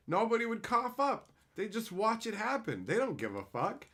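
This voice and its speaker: A man chatting casually with his livestream viewers, crude and joking, swearing freely as he tells animated bits. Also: on the high side, fairly quick, few pauses. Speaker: streamer answering chat.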